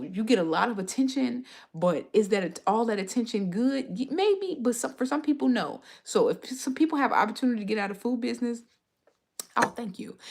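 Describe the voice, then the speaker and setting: Streaming live, a young food and travel creator talks casually in a husky, medium-pitched voice. Her stories ramble, with frequent restarts along the way.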